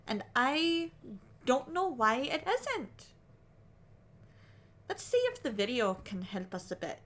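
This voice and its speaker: A woman's voice: sits high, very animated, slow pace, fairly bright tone. A woman livestreaming her crochet work, chatting casually in a put-on Scottish accent and thinking aloud as she wonders if she is doing it right. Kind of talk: casual live-stream chat.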